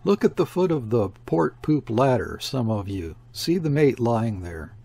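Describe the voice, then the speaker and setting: A man doing a gruff, husky sea captain. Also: medium pitch, expressive, measured pace. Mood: sharp. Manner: sharp, growling. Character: gruff, uneasy middle-aged ship captain.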